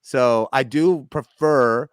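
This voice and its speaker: A man co-hosting a live betting watch party in casual, animated chat. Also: medium pitch, slow pace, clear, resonant tone, no room sound, clean studio sound.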